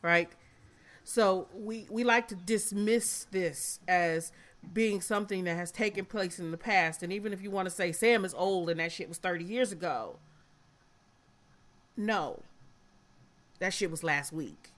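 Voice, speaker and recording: This is a frank, blunt woman in her fifties hosting a casual podcast chat. Her voice sits a little low. She swears freely and sounds emotional, close to tears. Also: measured pace, a bit bright. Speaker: podcast host.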